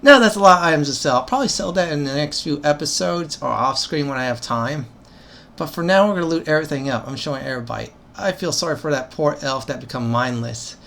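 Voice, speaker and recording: A man's voice: fairly high pitch, lively intonation, quick pace, gravelly, fairly bright tone. A man hosting a let's-play video, giving game commentary in a chatty, gleeful, rambling way. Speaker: gaming channel host.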